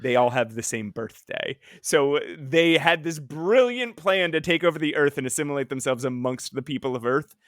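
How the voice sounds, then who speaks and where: A man co-hosting a casual podcast, his pitch bouncing all over as he jokes through a recap. He sits close to a dry, deadened mic. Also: expressive, normal speed, hardly any pauses, fairly bright tone, no echo. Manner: jokey, does mock-villain voices in recaps. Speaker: podcast co-host. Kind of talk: casual comic-book podcast chat.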